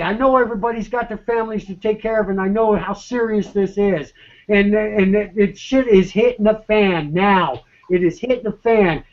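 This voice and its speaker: A man's voice: sits high, muffled recording. A man in an online voice chat, ranting with urgent, profane, stammering repetition. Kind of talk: agitated rant.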